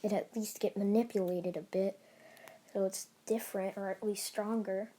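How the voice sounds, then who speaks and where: A woman voicing a bitter young male rival who speaks in a low, subdued, matter-of-fact way. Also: steady tone, moderate pace, mellow, natural voice. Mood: grim.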